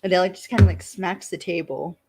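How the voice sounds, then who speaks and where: A woman co-hosting a podcast, casually recapping an episode with lively acted-out quotes and frequent laughs. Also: lowish voice, fairly quick, noisy background. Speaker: podcast co-host.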